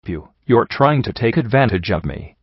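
A man's voice: mid-range voice, very animated, normal speed, slightly rough, no room sound, highs cut off. A man doing a whiny little unicorn filly. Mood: whining. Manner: whiny, crocodile tears. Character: young female unicorn pony, wheedling cap-hoarding trader.

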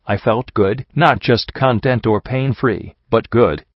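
A man reading a first-person story aloud in a calm, earnest narration. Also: mid-range voice, takes it slowly, no echo. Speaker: audiobook narrator. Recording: dull lo-fi, dry.

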